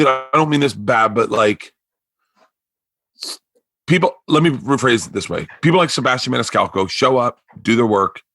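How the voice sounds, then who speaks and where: A man with a bright, forceful voice spins long anecdotes for his podcast, jumping into other people's voices as he goes. He sounds close and dry on the mic, with no room sound at all. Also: mid-range voice, no echo. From Florida. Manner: rambling, animated storyteller who acts out quotes. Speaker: podcast host. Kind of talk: casual storytelling chat.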